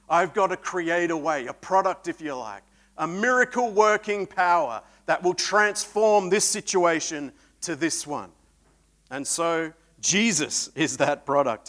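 A man preaching a sermon in a voice pitched a little above the usual male range. He swings between loud, emphatic bursts and hushed, reflective passages.

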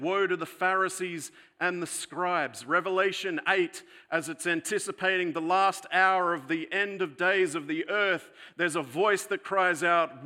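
Bright-voiced earnest male preacher. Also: a little high. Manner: earnest preaching, slows for emphasis, drops softer later. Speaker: pastor. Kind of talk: sermon.

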